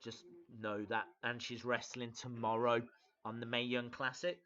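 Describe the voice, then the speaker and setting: A man's voice: mid-range voice, little pitch movement, normal speed, a bit bright. A man hosting a live wrestling reaction stream, rambling with lots of ums and uhs and answering viewer comments. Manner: rambling, hesitant, many fillers, reads out viewer comments. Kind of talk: casual live reaction chat. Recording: dull lo-fi sound.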